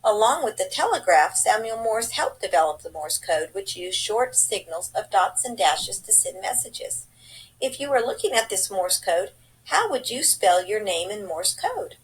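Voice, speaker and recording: A woman presenting a slideshow report, reading it out in a plain, steady way. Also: mid-range voice, normal speed, rough recording.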